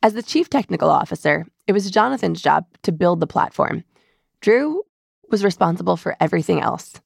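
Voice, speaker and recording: A woman hosting a podcast in polished, measured scripted narration. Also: fairly low pitch, animated, vocal fry, husky, dry recording, clean studio sound.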